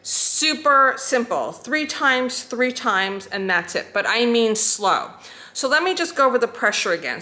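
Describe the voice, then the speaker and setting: A woman teaching a skincare routine, calmly talking through each step as she demonstrates it. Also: on the high side. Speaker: skincare instructor.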